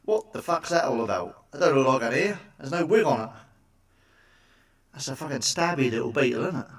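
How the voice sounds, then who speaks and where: A man's voice: medium pitch, animated, fairly quick, far from the mic. A man doing crude stand-up one-liners, swearing a lot and asking the listener for agreement. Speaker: stand-up comedian.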